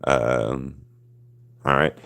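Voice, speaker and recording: Deep-voiced man chatting haltingly. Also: fairly even intonation, fairly bright tone. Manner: halting, frequent restarts and repeated words. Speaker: artist hosting a live drawing stream. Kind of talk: casual live-stream chat.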